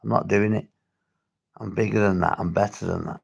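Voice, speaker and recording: Here a recovery vlogger from St Helens, England speaks fairly quickly in a low, gravelly, husky voice with fairly even intonation. With a Merseyside accent, he tells his livestream viewers bluntly about drug recovery, swearing a lot and restarting sentences.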